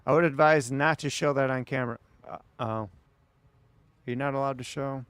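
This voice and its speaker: A man's voice: medium pitch, steady tone, normal speed, a bit bright, clear, resonant tone, dry recording. A man streaming late at night, chatting casually and rambling back at his viewers.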